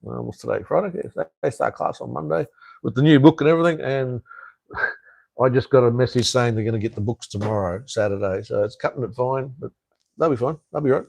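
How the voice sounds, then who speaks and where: A man's voice: medium pitch, brisk, creaky, darkish tone. An Australian man rambles through a casual live stream, answering viewer comments as they come in. He swears freely and fills his talk with fillers and restarts. His voice sounds dry and close, with almost no room echo. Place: home in Cambodia.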